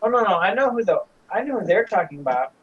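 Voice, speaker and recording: A man playing a tabletop game as a player, reacting in quick bursts. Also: high voice, big pitch swings, slightly rough, far from the mic, dull audio.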